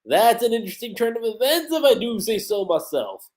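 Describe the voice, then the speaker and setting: A man voicing a scheming, pompous female villain who speaks in a smug, drawn-out way. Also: extremely high pitch, big pitch swings, darkish tone, pitched above the performer's own voice. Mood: intrigued.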